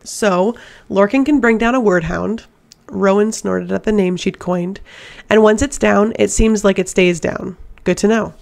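Teasing fierce young assassin girl read by a woman, bit of fry in the voice. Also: medium pitch, unhurried, darkish tone. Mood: wry.

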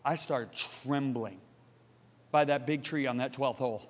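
A man in his sixties preaching a sermon, telling his own story and calling out to the congregation, moving between loud appeals and hushed passages. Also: mid-range voice, unhurried. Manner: calls out to the congregation. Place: large church auditorium. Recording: long reverb of a large hall.

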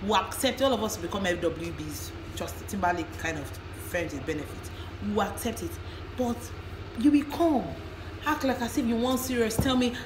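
A woman's voice: medium pitch, animated, normal speed, slight background noise. Blunt Nigerian woman ranting in a roomy room. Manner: blunt, profane, emphatic, mocking. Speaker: vlogger. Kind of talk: ranting vlog to camera.

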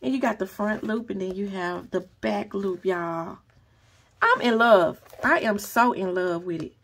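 A woman vlogger chatting casually through an unboxing, gushing and excitable as she talks straight to her viewers. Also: mid-range voice, moderate pace, gravelly, a little hiss or hum.

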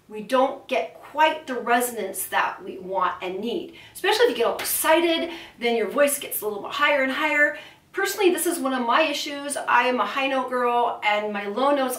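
An upbeat, encouraging woman teaches singing with a fairly high voice. She sounds set back from the mic in an echoey room. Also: a bit bright, distant mic. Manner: upbeat, encouraging, demonstrates with buzzing. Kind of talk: vocal lesson to camera.

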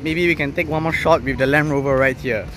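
A man's voice: on the high side, steady tone, fairly quick, noisy background. Casual young-sounding man vlogging outdoors. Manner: casual, thinking aloud, laid-back slang. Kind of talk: casual narration while shooting photos.

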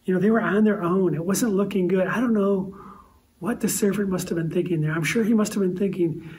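A man's voice: high voice, brisk, a little mellow. A man pastor preaching a sermon in a conversational, storytelling way, posing rhetorical questions to the congregation. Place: church sanctuary. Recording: voice distant from the mic.

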